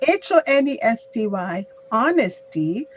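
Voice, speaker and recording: A fairly high-voiced woman teaching English grammar over a video call, patient and slow in her explanations. The audio is dull and lo-fi, like an online call. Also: animated, a little hiss or hum. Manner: patient, explains slowly with examples.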